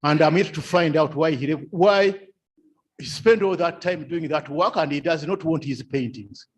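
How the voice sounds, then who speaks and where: His voice is husky and fairly high, his pace moderate, as the man leads a seminar lecture in a seminar room. Repetition of key phrases, rhetorical questions and frequent chuckling mark his delivery.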